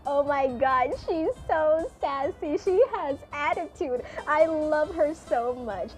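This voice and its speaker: Very high-pitched gushing young woman streamer. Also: slow, hardly any pauses, soft background music. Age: young adult. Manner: gushing, excitable, squealing. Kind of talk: game stream commentary.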